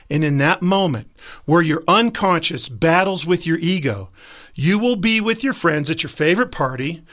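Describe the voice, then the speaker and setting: Higher-pitched man giving an emphatic motivational talk. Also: a bit bright. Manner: emphatic, acts out quoted voices. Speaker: life coach.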